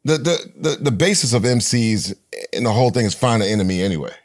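A man's voice: medium pitch, lively intonation, fast, no echo, studio quality. A middle-aged man, a veteran rapper as guest, talking in an emphatic storytelling way with many restarts. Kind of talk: casual conversation.

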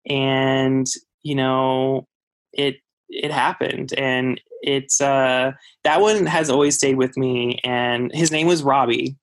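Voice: medium pitch, fairly even intonation, takes it slowly, no room sound. A speaker telling a personal ghost story in casual chat, rambling with many fillers and restarts. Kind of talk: casual spoken anecdote.

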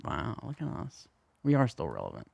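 A man's voice: sits low, wildly swooping pitch, fairly quick, creaky, a little mellow, slightly rough, dry recording. Dry-voiced man telling a rambling story. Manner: rambling storyteller, swears often. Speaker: podcast co-host. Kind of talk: casual chat.

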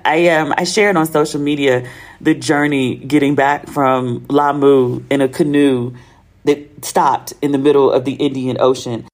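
Rumbling low with a darkish, steady tone at a moderate pace, this American woman delivers a casual solo podcast monologue. She recounts her travels in chatty slang and acts out the conversations.

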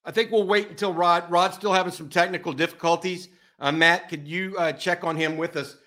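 A man hosting a postgame sports talk show, talking casually and stumbling through plenty of filler uhs. His voice sits a little high and rings bright and forward. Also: steady tone, a little fast. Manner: many filler uhs, chatty. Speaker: host.

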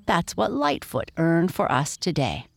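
A woman's voice: fairly low pitch, a little slow, gravelly, no room sound, exaggerated voice. A woman voicing a cheerful, hard-working poor boy who talks eagerly. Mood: excited. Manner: eager, excited.

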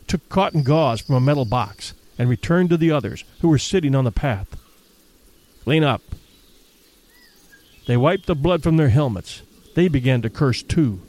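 Man narrator, dramatic story reading, lively pitch, slightly higher voice, measured pauses. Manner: measured, dramatic, slowing for effect and dropping low at quiet moments.

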